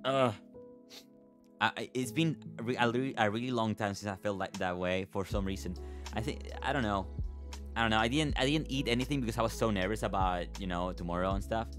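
A man's voice: fairly low pitch, fairly quick, music in the background. A young man streaming, chatting casually with viewers, thanking them, giggling and swearing now and then.

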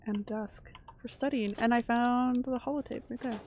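A woman's voice: on the high side, fairly even intonation, moderate pace, a little mellow, slight background noise. A woman streamer chatting casually while she plays a game, jumpy and chatty, swearing when startled. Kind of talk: casual live-stream gameplay chat.

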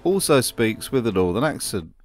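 A man's voice: mid-range voice, big pitch swings, normal speed, a little mellow, faint music behind. A man narrating a wry commentary voice-over in a dry, sardonic manner. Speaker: video narrator.

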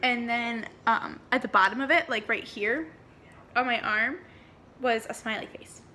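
High, bright young woman rambling a storytime. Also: a little slow, slight background noise. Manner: rambling, chatty, heavy on fillers. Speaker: vlogger. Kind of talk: paranormal storytime.

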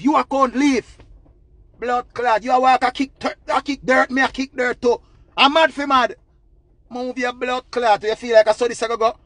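A man with a Jamaican accent in a loud, profane, repetitive rant giving relationship advice. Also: extremely high pitch, no room sound. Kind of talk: ranting monologue.

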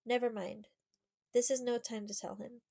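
A woman's voice: a little high, level tone, moderate pace, vocal fry, dark tone, low-quality recording. A woman reading the part of a brave fourteen-year-old girl who urgently gives orders.

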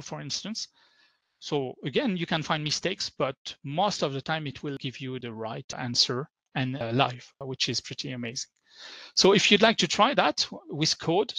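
A man's voice: on the high side, a bit bright, no room sound. A man with a French accent giving an upbeat conference tech talk as a workshop presenter, often saying "super" and "so".

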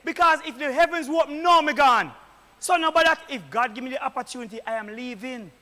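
A Jamaican deacon preaches in patois, rising to fervent shouts. His voice sits very high and bright. Long reverb from the church hall trails each line. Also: a little fast.

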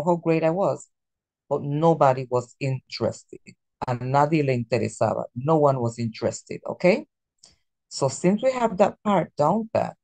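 Female teacher, lively and coaxing, drills pronunciation. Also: sits low. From Latin America. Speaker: Spanish teacher. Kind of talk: classroom teaching.

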